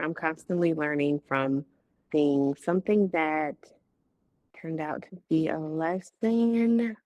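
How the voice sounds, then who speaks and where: A woman's voice: low voice, vocal fry, a little mellow, no echo. A young woman, a business coach, talking casually as an interview guest, laughing often and acting out conversations she recalls. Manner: chatty, laughs often, acts out quoted talk.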